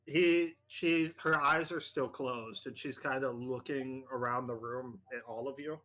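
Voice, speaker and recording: Slow, halting man running a horror game. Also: medium pitch, fairly even intonation, a bit bright. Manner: halting, with many fillers. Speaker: game master. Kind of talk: narrating a tabletop horror game.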